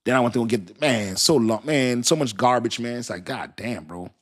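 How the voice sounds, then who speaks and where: A man's voice: medium pitch, moderate pace. A man hosting a live crypto stream, talking to his viewers in a loose, slangy and rambling way with many restarts. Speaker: crypto channel host. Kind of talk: casual livestream talk to viewers.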